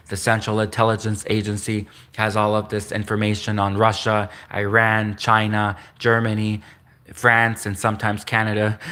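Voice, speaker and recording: A man's voice: lowish voice, a bit bright. A man hosting a solo livestream, talking in a rambling way, restarting and repeating himself and chuckling at his own slips. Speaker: livestream host.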